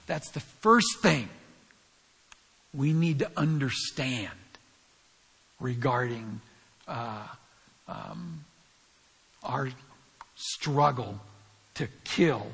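A man's voice: on the high side, vocal fry, a bit bright, slightly rough, in a large hall. A man with a scratchy voice giving earnest, emphatic verse-by-verse Bible teaching and speaking straight to his listeners.

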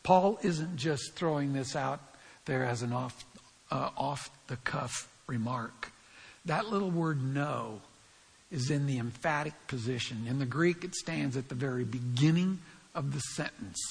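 A man's voice: medium pitch, a little slow, creaky, slightly rough, long reverb tail. A man with a scratchy voice giving earnest, emphatic verse-by-verse Bible teaching and speaking straight to his listeners.

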